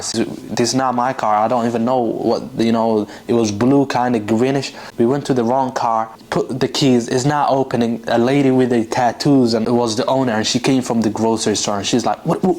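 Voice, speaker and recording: A man's voice: medium pitch, steady tone, normal speed, hardly any pauses, a little mellow. A man vlogger telling a long, rambling, exasperated story in a casual way, full of fillers and restarts.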